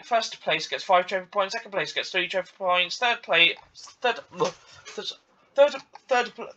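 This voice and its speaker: A man's voice: sits high, sharp tone, far from the mic, lo-fi sound. A man hosting a let's play, rambling and stumbling over words while he races, with a cough. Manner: rambling, stammers and repeats. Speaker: gaming channel host.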